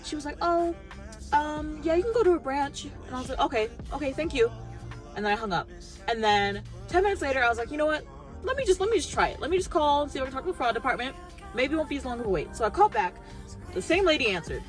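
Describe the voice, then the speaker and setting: A high-voiced woman telling a story to her vlog audience as a casual rant. She acts out each back-and-forth, playing both herself and the people she dealt with. Faint music plays underneath. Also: fast. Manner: animated, acts out both sides of conversations. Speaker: vlogger.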